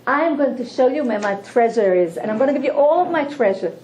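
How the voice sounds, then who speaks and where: A woman's voice: sits high, animated, quick pace, darkish tone, roomy sound, rough recording. A woman voicing a pleading, thirsty male snake in a told story, begging again and again. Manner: begging, repeating please.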